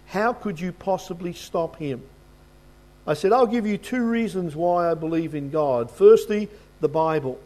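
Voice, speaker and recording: A man with a fairly high voice preaches a sermon. He tells the story in anecdotes and voices both sides of an old conversation, then reads and explains Scripture at a church service. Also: darkish tone.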